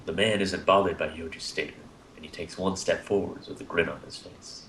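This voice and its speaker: A man's voice: low-pitched, fairly even intonation, a little fast, fairly bright tone, echoey room, slight background noise. A man reading visual novel narration aloud steadily, laughing now and then. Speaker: narrator and co-host.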